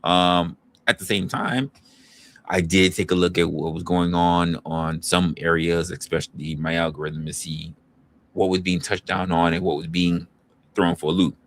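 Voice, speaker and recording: A man with a notably low voice hosts a casual livestream. He talks straight to his chat in a loose, rambling way, often restarting a sentence to fix a word or chase a new thought. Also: flat delivery, normal speed, a little hiss or hum. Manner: rambling, loose, self-correcting. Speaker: livestream host.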